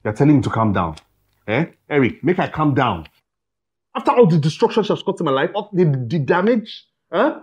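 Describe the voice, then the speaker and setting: An actor playing a furious betrayed husband, husky and accusing. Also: male voice, a little high, sing-song, a little fast, dull audio. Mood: angry. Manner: bitter, accusing, shouting in bursts. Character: furious betrayed husband, young adult man.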